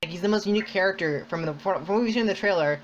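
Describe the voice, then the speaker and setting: A man hosting a podcast in casual chat, rambling and excitable, full of "like". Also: sits high, rapid-fire, crowd noise. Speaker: podcast host. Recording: dull lo-fi sound.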